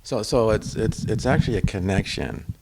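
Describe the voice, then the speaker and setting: Low gravelly man explaining earnestly. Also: moderate pace, heavy background noise. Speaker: discussion participant. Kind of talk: spiritual group discussion.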